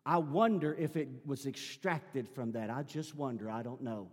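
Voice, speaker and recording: A male pastor preaching a sermon, building from quiet, conversational teaching to loud, fervent shouting. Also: medium pitch, normal speed, long reverb tail.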